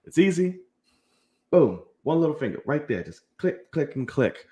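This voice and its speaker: A man's voice: a little high, big pitch swings, moderate pace, dark tone. A young man hosting a casual film podcast, hyping the channel, chatting loosely and swearing freely. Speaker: podcast host. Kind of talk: casual chat.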